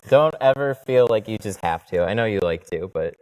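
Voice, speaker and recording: A man with a lowish voice talks through a headset while he works, easygoing and chatty. He rambles a little and lets a swear slip when things go sideways, like a tradesman streaming his job. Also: lively intonation, normal speed, darkish tone. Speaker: window tint installer streaming live. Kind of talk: casual live-stream talk while working.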